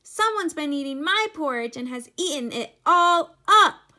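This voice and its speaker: A woman voicing a small, upset boy bear cub with a squeaky, high, loud voice in a storybook reading. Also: animated, a little slow, exaggerated voice.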